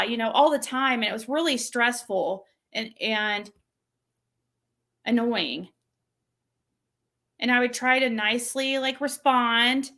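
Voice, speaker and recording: A woman running her own channel speaks slowly, leaving long pauses, in a pushed, bright voice. Exasperated, she vents in a casual livestream rant and mocks the quoted messages with a shrill imitation.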